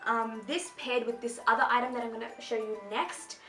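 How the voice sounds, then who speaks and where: Bubbly high-voiced young woman vlogger. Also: fairly even intonation, a little fast, bright, forceful tone. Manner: bubbly, chatty, rambling with many asides. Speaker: fashion vlogger. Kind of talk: casual shopping haul chat. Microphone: camera mic. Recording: roomy echo, faint music.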